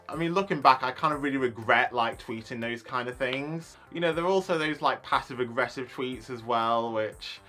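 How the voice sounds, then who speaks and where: A man's voice: medium pitch, sharp tone. A young man, ranting casually in a vlog, chatty and full of likes and you knows. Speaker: YouTuber.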